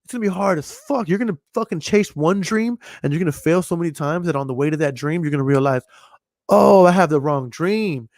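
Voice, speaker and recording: A man's voice: on the high side, fast, few pauses, a little mellow, no room sound, clean studio sound. A man hosting a podcast and talking casually, blunt and profane, rambling with frequent restarts. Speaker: podcast host. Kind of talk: casual chat.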